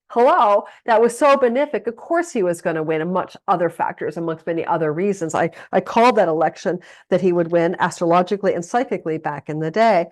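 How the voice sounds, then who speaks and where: A woman's voice: medium pitch, dry recording. A woman astrologer talking through the week ahead in a casual, digressive monologue, with plenty of fillers and asides.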